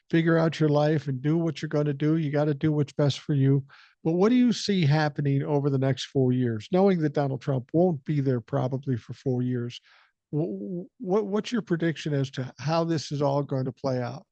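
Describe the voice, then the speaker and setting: A man's voice: fairly high pitch, normal speed, mellow, no room sound, dull audio. An older man hosting a podcast, talking politics in a blunt, indignant, profane way. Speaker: podcast host. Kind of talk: casual political chat.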